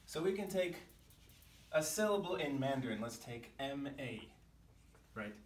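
A man, teaching a language lesson to camera in a clear, patient way, sometimes sounding out syllables at different pitches. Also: big pitch swings, a little slow. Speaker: Chinese teacher. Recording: echoey room, mic some distance off.

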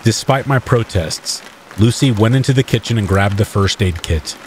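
A man narrating a first-person horror tale with steady, measured delivery. His voice sits low, and a faint patter of rain plays softly underneath. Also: slight background noise. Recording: faint rain ambience mixed behind the voice.

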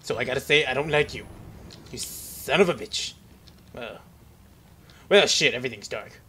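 A man's voice: mid-range voice, animated, moderate pace, pushed and bright, a little hiss or hum. Jittery young man commentating a horror game. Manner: jittery, rambling, jokey, talks to game characters. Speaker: gaming commentator. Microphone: headset.

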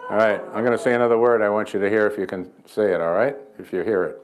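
A man with a fairly low voice leads a church healing service. He tells folksy, joking stories between short prayers and calls to the congregation. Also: fast talker. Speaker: guest healing evangelist. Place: church sanctuary.

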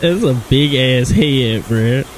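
A man's voice: medium pitch, expressive, slow, slight background noise. A man giving a slangy, joking reaction commentary.

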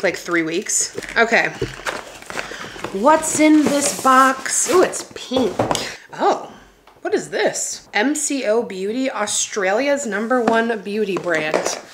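A young woman, a lifestyle vlogger, chats casually with her audience from home, bubbly and laughing often. Her voice is a little high, and the indoor room is echoey, with background noise.

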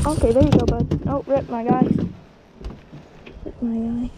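High-voiced fishing vlogger in loud wind. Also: male voice, a little slow, pauses often. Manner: excitable, talks to himself and the fish. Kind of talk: casual outdoor fishing vlog. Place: small boat on a lake, outdoors in wind and rain. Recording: loud wind and rain noise.

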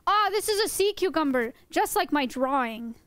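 A woman's voice: sits high, lively intonation, moderate pace, a bit bright, no room sound. A young woman teaching her stream chat about animals in a playful, joking way, often laughing. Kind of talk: casual livestream lesson.

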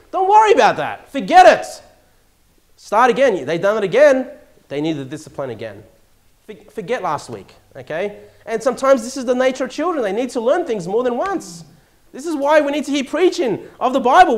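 Aussie pastor giving a sermon, kinda high voice that bounces around a lot, loud then quiet, laughs along. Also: male voice. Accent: Australian. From Australia. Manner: animated preaching, swings from loud to hushed, chuckles, asides. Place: church.

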